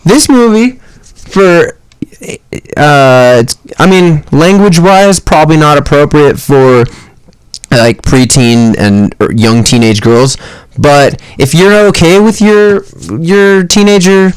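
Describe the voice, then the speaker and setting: A young man co-hosting a podcast, talking about films in an animated, rambling way with lots of restarts. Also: on the high side, slow pace, clear, resonant tone, dry recording. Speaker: podcast co-host. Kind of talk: casual movie chat.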